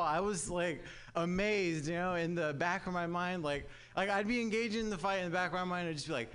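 A man's voice: high-pitched, fast talker, fairly bright tone, clean tone. A young man from Southern California performing a stand-up comedy set, talking wryly and conversationally to a live audience. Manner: conversational, wry, addresses audience as guys.

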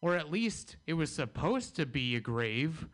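A man's voice: on the high side, big pitch swings, unhurried, a bit bright. A man doing a stand-up comedy set on the radio.

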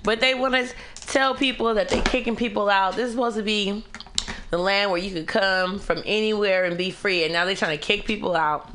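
Young woman co-host, candid and animated, slangy casual talk, faint noise behind. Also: medium pitch, a little fast. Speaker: radio talk show co-host. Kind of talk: casual chat.

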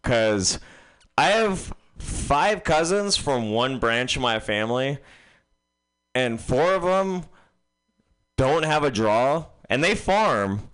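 A young man chats casually in a radio studio, spinning a long, meandering story stuffed with "like" fillers. His voice is smooth and clear, with an ordinary middle pitch. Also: big pitch swings, slow, fairly bright tone, no room sound, low-quality recording. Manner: rambling, storytelling, frequent "like" fillers. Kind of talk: casual chat.

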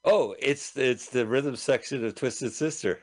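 A man's voice: mid-range voice, unhurried, darkish tone. A man co-hosting a show, making sarcastic jokes while watching a movie. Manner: joking, sarcastic asides. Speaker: co-host. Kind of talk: casual movie riffing chat.

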